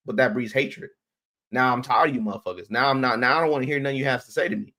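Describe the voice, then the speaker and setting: A man's voice: mid-range voice, fast talker, pushed and bright. Emphatic man ranting on stream. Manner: emphatic, repeats words, restarts sentences; blunt and profane. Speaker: streamer commenting on clips. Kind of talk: heated commentary rant.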